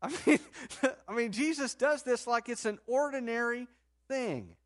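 A man preaching a sermon in a conversational, animated storytelling manner, rising sharply in pitch and loudness at times and dropping to a soft low voice for quoted words. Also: a little slow. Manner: drops to a soft, low voice when quoting Jesus. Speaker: pastor.

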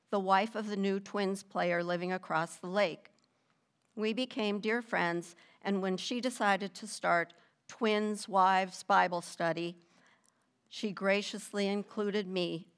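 An older woman reading her personal faith testimony in a measured, deliberate storytelling manner with gentle emphasis. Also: mid-range voice, clean tone.

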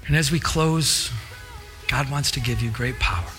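A man preaching a sermon as pastor in a church, telling lively stories with laughter and acted-out voices. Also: mid-range voice, normal speed, over music. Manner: lively storytelling with laughter and impressions.

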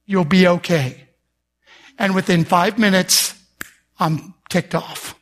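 A middle-aged male pastor preaching a sermon, telling the story with humor and acting out the people in it, and rising to shouts for emphasis. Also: high-pitched, slow. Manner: animated storyteller, acts out voices with humor.

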